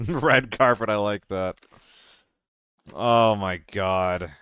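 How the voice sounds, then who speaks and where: A man streaming a game live, chatting casually with viewers, laughing often and swearing when he gets excited. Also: on the low side, very slow, clean tone, no room sound. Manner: excitable, laughing and swearing between relaxed chat.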